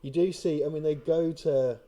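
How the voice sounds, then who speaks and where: A man's voice: a little high, fairly even intonation, moderate pace, dark tone. A man co-hosting a film commentary, talking casually and sarcastically, swearing often and slipping into mocking voices.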